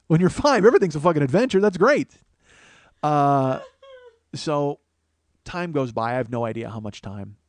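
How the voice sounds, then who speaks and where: A man in his forties, a podcast host, telling a profane, animated comedic story. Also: fairly high pitch, normal speed, pauses often, no echo. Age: 40s. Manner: profane, animated, restarts often.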